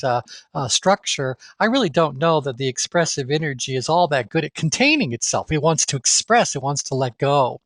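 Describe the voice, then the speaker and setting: A man's voice: fairly high pitch, a bit bright, dry recording. Dry-sounding man teaching an online class. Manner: conversational, thinks aloud with restarts, asks the class questions. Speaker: course instructor. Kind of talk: live online training session.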